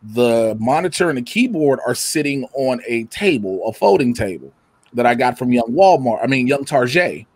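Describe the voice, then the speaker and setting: A man chatting casually from his home setup, telling animated stories, loudly acting out quotes and swearing freely. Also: mid-range voice, moderate pace, no echo. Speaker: guest. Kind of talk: casual chat. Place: home room with a computer setup. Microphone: computer mic or camera.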